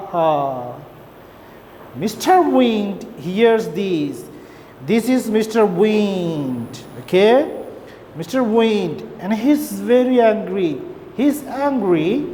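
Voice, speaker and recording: Woman, primary teacher, very slow and simple lesson delivery; slightly high voice, reverberant room. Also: darkish tone. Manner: slow, simple explanations with repeated "okay?". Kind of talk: online English lesson for young children. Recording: long reverb, faint background noise.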